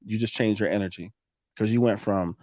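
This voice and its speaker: A man talking casually on a podcast, coaching listeners on sales and connecting with customers in an animated way that swings between loud and quiet. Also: fairly low pitch, brisk, no echo, studio quality. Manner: animated, coaching, laughs often.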